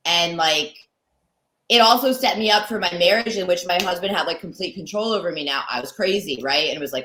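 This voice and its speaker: Bright-voiced woman telling wild stories. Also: lowish voice, fairly quick, reverberant, poor audio. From Connecticut, USA. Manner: chatty, peppered with "like", acts out quoted lines. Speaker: guest comedian. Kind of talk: candid storytelling interview.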